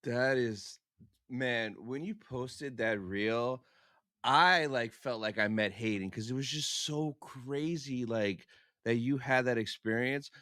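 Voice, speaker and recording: A man hosting a podcast, chatting in a relaxed way and reacting to his guest. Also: mid-range voice, takes it slowly, no room sound, clean studio sound. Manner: relaxed, reacting with short agreements. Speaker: podcast host. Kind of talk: casual chat.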